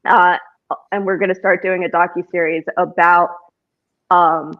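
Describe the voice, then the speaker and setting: A woman's voice: lowish voice, little pitch movement, unhurried, no echo, narrow, tinny audio. A woman speaking as a paranormal investigator guest on a podcast, talking in a rambling way with many restarts and fillers. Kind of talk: casual conversation on a podcast.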